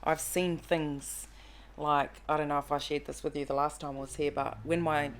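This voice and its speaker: Low-voiced woman telling a story. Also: normal speed. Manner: animated storyteller, acts out quotes. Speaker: podcast guest. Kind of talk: casual conversation, storytelling.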